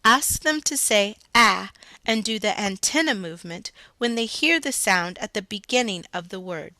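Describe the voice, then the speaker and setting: Reading a scripted phonics lesson as a teacher, a woman speaks slowly and deliberately, emphasizing every sound for the learner. Her mid-range voice is expressive, bright and forceful, and the recording has no echo.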